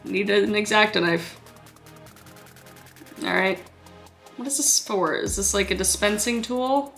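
Sarcastic bright-voiced woman. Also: mid-range voice, takes it slowly, creaky, soft background music. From Canada. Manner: sarcastic, swears freely, laughs often. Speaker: comedy YouTuber. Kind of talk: comedic reaction commentary.

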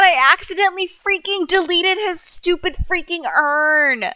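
A young woman giving casual, expressive commentary over her own gameplay, often exasperated and swearing mildly. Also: very high-pitched, measured pace, hardly any pauses, no echo. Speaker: gaming YouTuber.

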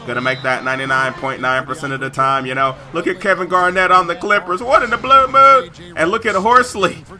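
A man giving excited gameplay commentary over a basketball video game and yelling on big plays. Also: mid-range voice, fairly quick. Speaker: gaming YouTuber.

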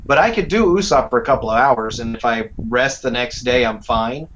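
A man's voice: medium pitch, brisk, muffled recording, a little hiss or hum. A man, a voice actor being interviewed, talking casually with lots of fillers and restarts. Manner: relaxed, rambling, with many fillers. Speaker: voice actor guest. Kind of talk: casual interview over a call.

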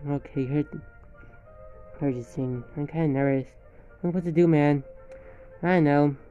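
A man's voice: fairly high pitch, steady tone, normal speed, lightly acted. A man voicing a nervous young groom and his friends in hobby voice acting, rambling and repetitive. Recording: dull lo-fi with faint music.

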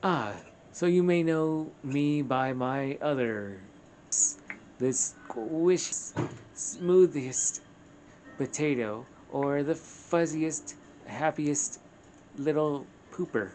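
A man voicing an excitable, friendly male pet dog in a video game, reading its lines with eager, bubbly delivery over background noise. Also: a little high, very slow. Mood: proud.

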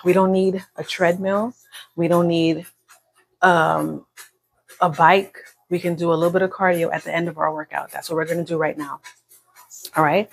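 A woman fitness instructor with a lowish, vocal-fry voice livestreams a workout class by phone from an indoor room on an upper floor. She counts reps and coaches in a relaxed, encouraging manner, and the audio quality is poor.

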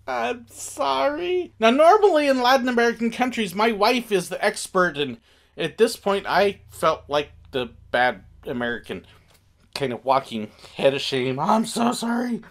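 Guy telling a family story, super animated, voice goes up and down a lot. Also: on the high side. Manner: animated, acts out quotes. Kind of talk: casual storytelling.

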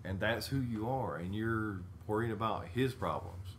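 Man, low voice, animated storyteller, casual podcast chat. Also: normal speed, slight background noise. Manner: animated storyteller who laughs mid-sentence. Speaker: podcast co-host.

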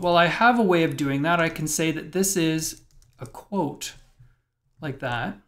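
A man's voice: a little high, unhurried, a bit bright. A man teaching web programming in a screencast lecture, thinking aloud and explaining step by step as he types.

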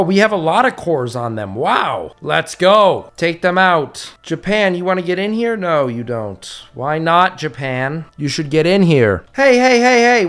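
A man giving casual, excitable commentary over his strategy gameplay, joking at himself and talking to the game's countries. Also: on the high side. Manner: excitable, self-mocking, talks to the game's countries. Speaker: strategy game channel host.

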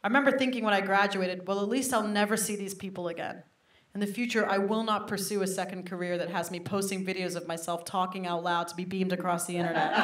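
Thirtysomething woman doing standup, chatty crowd asides, echoey venue sound. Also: mid-range voice. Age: 30s. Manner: animated, self-mocking storytelling with frequent asides to the crowd. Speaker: stand-up comedian. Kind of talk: stand-up comedy set. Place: comedy venue with a live audience. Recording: roomy live venue recording.

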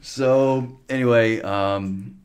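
A man in his thirties, a podcast guest, telling a long story in a casual, animated way with lots of restarts and fillers. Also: mid-range voice, very slow, smooth.

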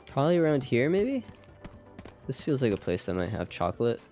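With faint game music in the background, a young man livestreams his gameplay, rambling, poking fun at himself, and talking with his viewers. He speaks fairly quickly at a medium pitch, with big swings in pitch and a darkish tone.

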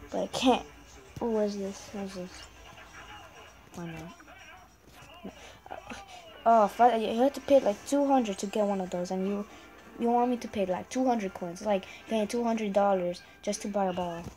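A woman's voice: medium pitch, poor audio. A young woman giving casual running commentary on a video game, chatting to viewers and often apologizing to them. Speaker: gaming channel host.

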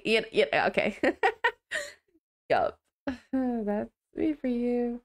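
A woman's voice: a little high, big pitch swings, measured pace. A young woman livestreaming, chatting casually with viewers on a headset mic, apologetic and laughing often.

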